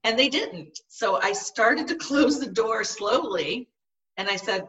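A middle-aged woman telling a personal story in conversation, earnest and halting, often restarting her sentences. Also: fairly high pitch, expressive, fairly bright tone, far from the mic, low-quality recording. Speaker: guest.

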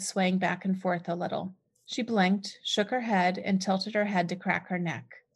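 Woman reading her novel aloud, expressive. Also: mid-range voice. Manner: expressive, lifts voice sharply for dialogue. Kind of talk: first-person fiction reading.

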